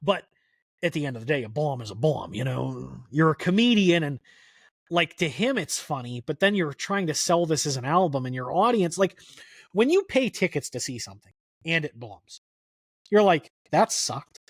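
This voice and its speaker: A man talking casually as a podcast guest, his voice sitting a little high. He rambles through animated stories with plenty of filler words. The room sound is dry and close. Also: moderate pace, no echo. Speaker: podcast guest, country music historian. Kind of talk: casual conversational storytelling.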